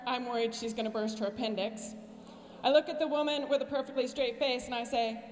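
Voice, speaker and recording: A woman in her forties stands at a podium giving a commencement address, her voice pitched a little high. She talks with wry, deadpan humor and sarcastic asides. The sound carries a long reverb from a big ceremony space, with a faint hum beneath it. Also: a little fast. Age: 40s. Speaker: commencement speaker. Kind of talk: commencement speech. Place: large graduation ceremony venue.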